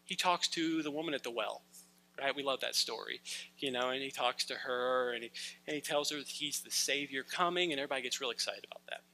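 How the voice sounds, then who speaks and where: A man's voice: mid-range voice, quick pace, bright, forceful tone, poor audio. A man in his thirties preaching a casual, conversational sermon, acting out quoted lines as he goes. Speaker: pastor.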